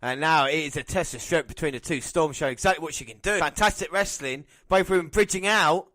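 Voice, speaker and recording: Guy doing excited wrestling play-by-play on a podcast, kinda high voice, dry sound. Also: brisk, dry recording. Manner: excitable, laughs often, teasing. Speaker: podcast co-host. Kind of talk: casual wrestling watch-along commentary.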